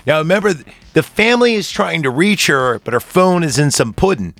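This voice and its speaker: A man's voice: on the high side, lively intonation, brisk, fairly bright tone, no echo. Crude joking man recapping a movie. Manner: crude, joking, quotes characters in bits. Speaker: podcast co-host. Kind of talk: casual movie recap chat.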